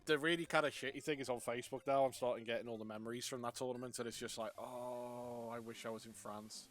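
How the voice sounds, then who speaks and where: A man's voice: mid-range voice, fairly bright tone. A young Welshman chatting casually while streaming a game, rambling with many restarts and laughs. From Wales.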